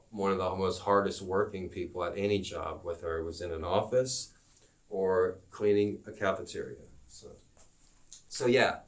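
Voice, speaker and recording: A man teaching geography on a live stream, rambling and halting as he goes. His voice sits on the low side. He sounds a little distant from the microphone. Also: a bit bright. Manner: rambling, halting, self-promoting.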